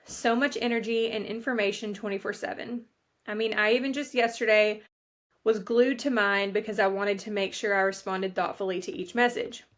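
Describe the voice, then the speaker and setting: A woman hosting her own podcast, speaking in an earnest, heartfelt way as she reflects aloud, partly reading from her notes. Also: mid-range voice. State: pregnant, near due date. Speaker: podcast host. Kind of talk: reflective solo podcast monologue.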